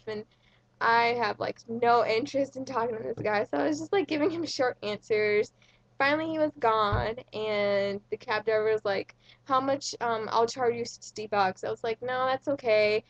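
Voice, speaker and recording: A woman's voice: on the high side, creaky, dry recording. Chatty young woman on a lo-fi webcam. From India. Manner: chatty, lots of fillers, bursts of excitement. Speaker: vlogger. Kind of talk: casual storytelling vlog.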